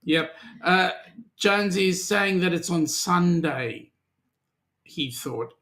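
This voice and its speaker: A man's voice: high voice, expressive, takes it slowly, a bit bright. A middle-aged Australian man co-hosting a casual live-stream chat, greeting viewers and teasing them, with plenty of ums and uhs. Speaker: co-host of a weekly cruising chat.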